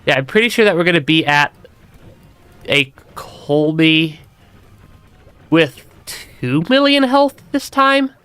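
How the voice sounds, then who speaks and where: Stuffy-nosed guy rambling over a game stream, kinda high voice, soft music in the back. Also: expressive, slow, long pauses, clear, resonant tone, no echo. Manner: chatty, laughs often, trails off and restarts. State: stuffy nose. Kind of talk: casual gameplay commentary.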